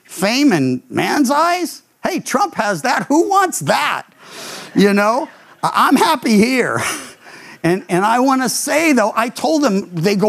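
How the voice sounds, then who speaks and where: An older man preaches a Bible sermon in a fairly high voice. He tells stories warmly and acts out what others said, with a few stumbles over his words. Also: moderate pace. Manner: animated storytelling, acts out quoted voices. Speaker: pastor.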